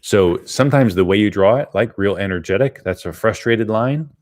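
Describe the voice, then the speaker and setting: A man's voice: on the low side, normal speed, darkish tone. A middle-aged man teaching an art lesson live, thinking aloud as he draws, rambling with many fillers.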